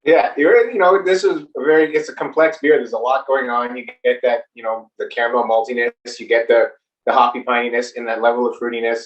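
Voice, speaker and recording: A man's voice: mid-range voice, fairly even intonation, brisk, roomy sound, distant mic, lo-fi sound. A man who is a brewmaster, chatting casually and explaining things in a loose, rambling way with many fillers. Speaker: brewmaster guest. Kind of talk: casual chat.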